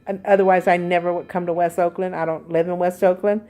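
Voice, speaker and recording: A woman's voice: on the low side, little pitch movement, warm tone. Chatty middle-aged woman telling her story. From California, USA. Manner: chatty and confiding, frequent pauses and fillers. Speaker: vlogger. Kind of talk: casual personal storytelling. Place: at home.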